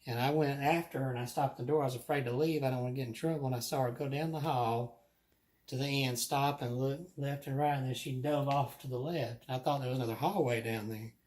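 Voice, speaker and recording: A man's voice: mid-range voice, steady tone, fast, darkish tone. A man relaxes into a long, rambling ghost story. His speech is chatty and easygoing. He laughs often and slips into little voices for the people in his tale. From Alabama. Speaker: guest telling ghost stories. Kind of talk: casual storytelling.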